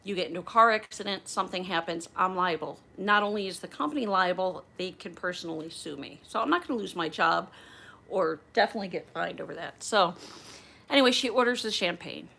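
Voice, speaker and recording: Lowish-voiced woman host from outside Philadelphia, casual and animated storyteller. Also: a little fast, vocal fry, slightly rough. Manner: animated, acts out the dialogue. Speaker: flight attendant and channel host.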